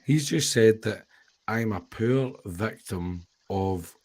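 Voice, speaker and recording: A male streamer talks over a clip in a blunt, sweary way. His delivery is slow and deliberate, and his voice sits a little low. He keeps cutting in to pause the clip and dissect it. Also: animated, a little mellow. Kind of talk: casual stream commentary.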